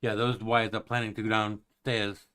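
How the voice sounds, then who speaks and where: A man in casual chat who talks in a rambling, halting way, full of fillers and the odd curse word. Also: fairly low pitch, level tone, pushed and bright, smooth.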